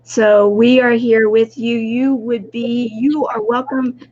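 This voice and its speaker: A woman's voice: on the high side, flat delivery, takes it slowly, a little mellow, highs cut off. A woman hosting an online talk show, introducing guests in an effusive way. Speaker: host. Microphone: video call.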